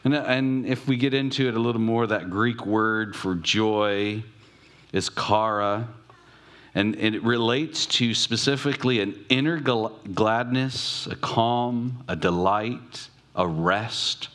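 Man, low voice, sermon, reflective, asks questions aloud, slows for emphasis. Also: a bit bright. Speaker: pastor.

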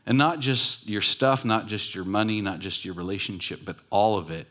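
Low-voiced man preaching a sermon. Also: normal speed, a bit bright. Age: adult with children. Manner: conversational, emphatic preaching with repetition. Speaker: pastor.

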